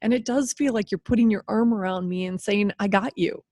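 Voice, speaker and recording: A woman's voice: mid-range voice, brisk, dry recording, clean studio sound. Candid fifty-something woman podcast host. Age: 50s. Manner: candid, animated, laughs and swears freely. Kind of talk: solo podcast monologue.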